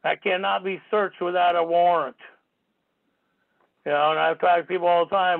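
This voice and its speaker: A man's voice: sits high, flat delivery, normal speed, creaky. A man hosting a call-in radio talk show, rambling and indignant, swearing casually, heard over a tinny phone line.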